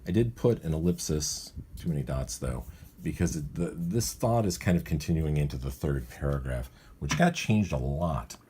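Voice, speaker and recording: Male cartoonist with a very low, dark, husky voice who rambles and self-corrects as he explains his writing. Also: expressive, normal speed, a little hiss or hum. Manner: rambling, thinking aloud, often correcting himself. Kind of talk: casual walkthrough of his writing process.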